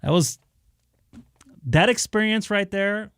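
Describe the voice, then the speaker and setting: A man's voice: high voice, slow pace, a bit bright, clear, resonant tone, no room sound. A man chatting casually to viewers on his amateur radio live stream, rambling with many fillers in an easygoing way. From Southern California.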